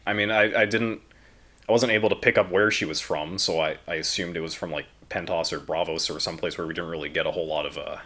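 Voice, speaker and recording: American guy, young, podcast co-host; relaxed, joking, lowish voice. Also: fast. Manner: relaxed, joking, mock impressions of characters. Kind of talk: casual chat.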